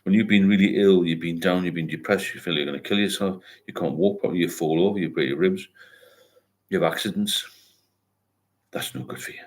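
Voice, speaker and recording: An older man hosting a sobriety livestream keeps things casual, rambling as he reads viewers' comments aloud and responds with encouragement. He talks fairly quickly in a deep voice.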